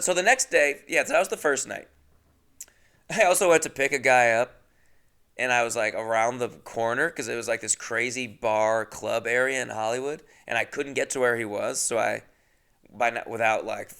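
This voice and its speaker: Young man, comedian, rambling self-deprecating storytelling, gravelly, bright tone. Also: mid-range voice. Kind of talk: comic storytelling monologue.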